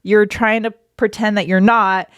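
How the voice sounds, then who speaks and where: A woman in her thirties from the Pacific Northwest, co-hosting a podcast in blunt, swearing, animated chat. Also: mid-range voice, measured pace, smooth, no echo, studio quality. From Kent, Washington. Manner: blunt, swearing, animated storytelling with quoted voices. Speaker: podcast co-host.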